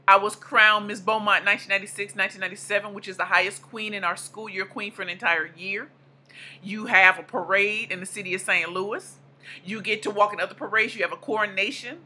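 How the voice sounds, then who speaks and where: A woman's voice: mid-range voice, bright, forceful tone. A woman in her thirties giving a motivational speech, emphatic and repeating lines for punch. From American South / Midwest. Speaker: motivational speaker.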